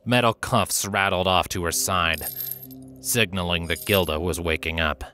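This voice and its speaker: A man reading a fanfiction story aloud with steady, dramatic narration. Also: low voice, a little slow, soft background music. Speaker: narrator and reader.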